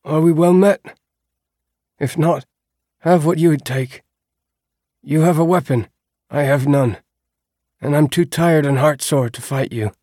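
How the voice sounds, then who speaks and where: A man's voice: on the high side, measured pace, long pauses, dark tone, dry recording, clean studio sound, voice pushed up. A man voicing a tired, heartsore young peasant who speaks in formal, old-fashioned words. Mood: weary, pleading. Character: weary cursed young peasant man, timid and polite.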